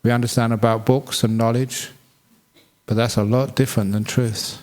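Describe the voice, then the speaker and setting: A male Buddhist monk telling a fable in a relaxed dharma talk. His middle-pitched voice stays chatty and humorous, and he laughs at his own jokes. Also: normal speed.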